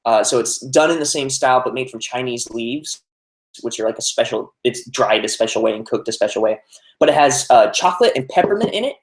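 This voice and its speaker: A man's voice: medium pitch, animated, brisk. A young man chatting casually on a live stream, reading out viewer comments, with many fillers. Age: young adult. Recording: roomy echo.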